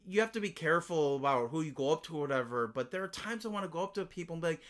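A man co-hosting a casual podcast, ranting in an animated way and swearing freely. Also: on the high side, very fast. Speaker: podcast co-host. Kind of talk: casual chat.

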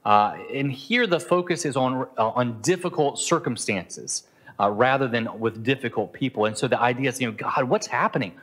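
A man's voice: medium pitch, moderate pace, a bit bright. A middle-aged man preaching a sermon in an earnest, conversational way, now and then acting out the inner voices of his listeners. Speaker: pastor. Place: Southeast Asia.

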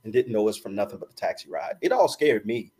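Animated middle-aged man telling a story. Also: lowish voice, quick pace. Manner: laughs often, animated storyteller acting out quotes. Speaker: podcast guest. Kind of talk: casual storytelling.

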